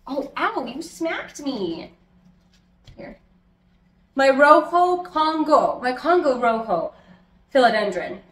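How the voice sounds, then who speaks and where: A woman chatting casually as a plant vlogger, talking loudly, giggling, swearing and talking to her plants at home. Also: high-pitched, very animated, slow, long pauses. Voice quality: loud, close to yelling. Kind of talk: casual chat. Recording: echoey room with faint background noise.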